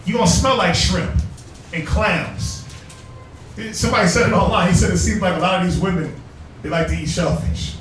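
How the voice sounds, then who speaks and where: A man's voice: high voice, moderate pace, fairly bright tone. A man leading a preaching class lesson, emphatic, with rhetorical questions and street slang. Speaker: class teacher. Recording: echoey room from far off, faint noise.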